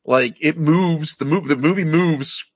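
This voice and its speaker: A husky man with a slightly raised pitch, rambling through a casual movie review with friends. He is jokey, and his talk is full of fillers. The sound is dry and a little dull, like a lo-fi recording. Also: measured pace, no echo. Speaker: podcast co-host.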